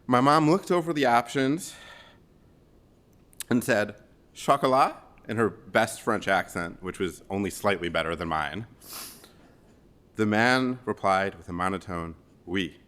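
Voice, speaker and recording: Guy from chicago, 40s, low-ish voice, telling funny warm stories at a funeral. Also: expressive, measured pace, long pauses. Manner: gently humorous storytelling. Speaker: son giving a eulogy. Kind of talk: funeral eulogy. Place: funeral service.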